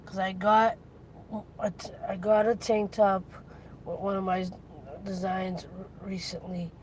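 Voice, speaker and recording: Slow, tired woman vlogger rambling. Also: medium pitch, flat delivery, a little mellow, a little hiss or hum, low-quality recording. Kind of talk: casual weekly update vlog.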